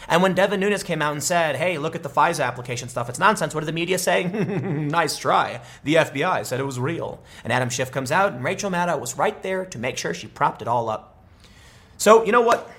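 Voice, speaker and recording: A man delivers opinionated political commentary in a fairly high voice, sounding sarcastic and animated as he talks fast and keeps restarting his sentences.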